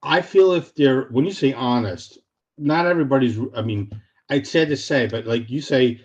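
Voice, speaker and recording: A man talks bluntly and with plenty of energy in casual interview chat, acting out little scenes of what people tell their bank. His voice sits at a middling pitch, and the recording sounds slightly dull and lo-fi. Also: normal speed. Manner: blunt, animated storytelling with acted-out quotes. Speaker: real estate short sale specialist, podcast guest.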